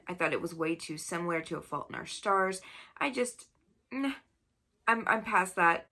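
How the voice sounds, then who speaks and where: A woman with a bright, forceful voice talks straight to the camera about books she disliked. She is blunt and exasperated and keeps breaking into laughter. Her delivery is casual and unscripted. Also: lowish voice, creaky. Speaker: book reviewer. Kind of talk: casual video review.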